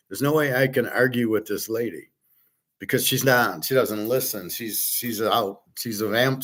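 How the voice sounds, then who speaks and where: A man's voice: medium pitch, a bit bright. A man hosting a casual monologue, rambling through a story with restarts and acted-out quotes. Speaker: host.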